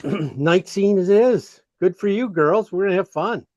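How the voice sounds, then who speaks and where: A man's voice: sits high, unhurried, a little mellow, no echo, muffled recording. A man teaching an online painting class, giving rambling, encouraging feedback full of fillers.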